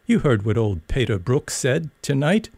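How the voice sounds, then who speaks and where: A man's voice: medium pitch, big pitch swings, normal speed, vocal fry, darkish tone, dry recording. A man voicing an older schoolboy who firmly objects to the bullying. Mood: protesting. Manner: firm, protesting.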